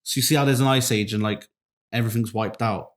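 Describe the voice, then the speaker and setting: A man's voice: on the low side, steady tone, fast talker. A young man co-hosting a podcast, arguing his point bluntly with casual swearing. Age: young adult. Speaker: podcast co-host. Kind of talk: casual chat.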